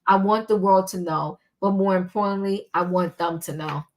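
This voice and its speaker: An older woman who does commentary vlogs reads a long text aloud in a casual video, her medium-pitched voice holding a steady tone. She keeps pausing for ums and restarting lines, so the reading comes out halting.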